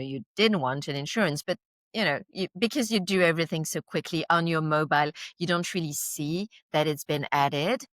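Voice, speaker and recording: A woman's voice: lowish voice, no room sound. A woman in her forties, a native French speaker, explaining her subject as a podcast guest through vivid concrete scenarios. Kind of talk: explanatory interview talk.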